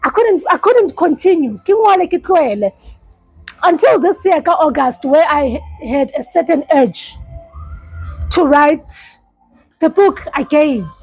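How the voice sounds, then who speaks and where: South African woman, life coach, high voice, halting earnest testimony, dry close sound. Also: lively intonation, a little mellow, dry recording, soft background music, rough recording. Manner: earnest, halting, repeats herself. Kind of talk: personal testimony in a support session.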